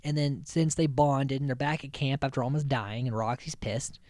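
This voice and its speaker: A man's voice: medium pitch, fairly even intonation, moderate pace, darkish tone, dry recording, studio quality. A man hosting a podcast, recapping episodes in a rambling, chatty way, swearing freely and often restarting his sentences. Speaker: podcast host.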